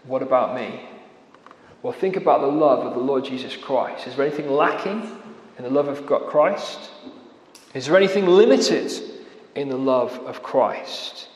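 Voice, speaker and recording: A man preaching a sermon, earnest, slowing down to stress key words and dropping to a quiet voice at the ends of phrases. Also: mid-range voice. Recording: echoey hall with long reverb.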